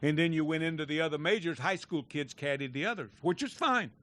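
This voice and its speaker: Animated older man telling a golf story. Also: a little high, a little fast. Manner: animated, laughing, shouting out quoted lines. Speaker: golf pro telling stories. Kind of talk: storytelling in a fireside chat.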